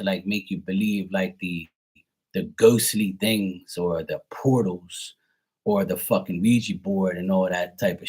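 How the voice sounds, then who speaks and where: Blunt, profane man with a husky voice. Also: lowish voice. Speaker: psychic medium and tarot reader. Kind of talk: casual livestream rant.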